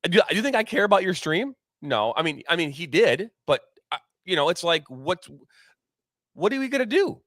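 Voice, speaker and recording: With a high, sing-song voice at normal speed, this man co-hosts a soccer podcast and comments candidly on the game. The fairly bright tone is recorded dry and studio-clean, and his opinionated rant rambles along with frequent swearing and restarts.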